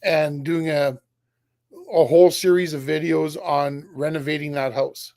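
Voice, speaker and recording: Blunt gravelly man swearing casually. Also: a little high, steady tone, unhurried, a little mellow, no echo. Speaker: guest YouTuber. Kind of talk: casual chat. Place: at home.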